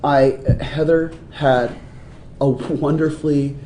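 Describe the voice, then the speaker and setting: A man being interviewed as a musician guest, telling stories in a lively way and laughing often. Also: a little high, slow pace, slight background noise. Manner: animated storyteller, laughs often. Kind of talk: casual interview talk. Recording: roomy echoey room sound.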